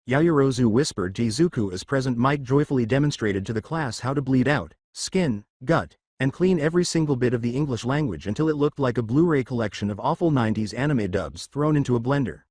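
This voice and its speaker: A man narrates a comic fan-fiction story with brisk, storytelling flair. His pitch moves lively up and down, and the close mic gives a dry, dead sound with no room echo.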